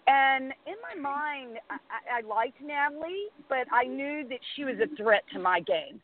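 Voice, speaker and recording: A middle-aged woman hosting a casual chat, telling stories in an animated way and acting out what others said. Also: sits high, measured pace, hardly any pauses. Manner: animated storyteller, acts out quotes. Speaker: host. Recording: tinny phone line.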